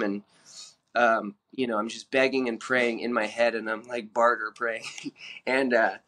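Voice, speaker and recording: A man guest telling his own story in an earnest, halting way, with many fillers and restarts. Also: medium pitch, little pitch movement, bright, forceful tone. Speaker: podcast guest.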